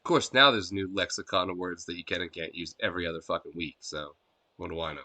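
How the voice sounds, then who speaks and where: Foul-mouthed bright-voiced male streamer. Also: deep voice, fairly even intonation, fast. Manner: swears a lot, ranting and scornful. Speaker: game streamer. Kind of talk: casual live-stream rant.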